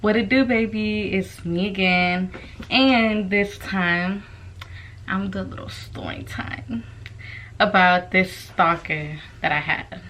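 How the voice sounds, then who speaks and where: A brash, profane young woman tells her story in a casual vlog, her voice bright and forceful. She jumps between loud exclamations and hushed asides over a faint hiss in the background. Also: mid-range voice, takes it slowly. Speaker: vlogger.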